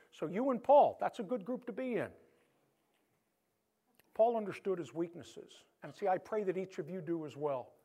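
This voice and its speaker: Male pastor, high-pitched, animated conversational sermon delivery, loud-to-soft dynamics. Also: normal speed. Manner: animated preaching, swinging between loud emphasis and soft hush.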